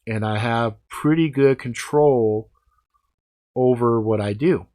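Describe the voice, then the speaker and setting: A man's voice: medium pitch, takes it slowly. Blunt, foul-mouthed man in his forties. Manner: blunt, heavy swearing, animated. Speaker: vlogger answering comments. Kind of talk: casual storytelling chat.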